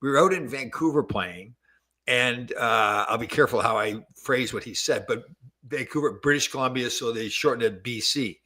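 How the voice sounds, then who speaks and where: A man's voice: medium pitch, moderate pace. A man in his sixties hosting a podcast, telling stories in casual chat and laughing easily. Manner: storytelling, laughs easily, animated. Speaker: podcast host.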